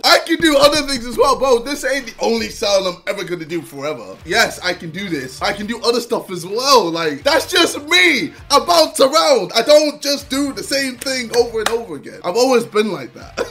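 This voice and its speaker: A man's voice: very high voice, big pitch swings, normal speed, bright, forceful tone. A man hosting a casual reaction video, joking and teasing with frequent laughter.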